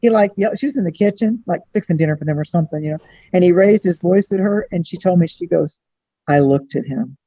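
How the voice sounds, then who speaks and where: A woman astrologer, a guest on a podcast, talking in a chatty way and acting out bits of dialogue in lively voices. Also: lowish voice, quick pace, no echo, lo-fi sound. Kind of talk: podcast interview.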